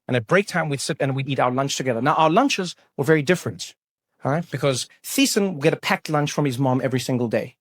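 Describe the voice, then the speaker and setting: A man performing stand-up comedy on a live stage, telling a story in an animated way with sudden loud bursts. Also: mid-range voice, fast, no room sound, studio quality.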